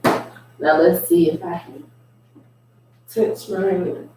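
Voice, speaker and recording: A man's voice: high-pitched, noisy background. A man leading a home mobility workout, talking casually and unhurriedly as he coaches stretches. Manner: relaxed, unhurried coaching with asides. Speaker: fitness instructor. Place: room at home. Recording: echoey room, far from the mic.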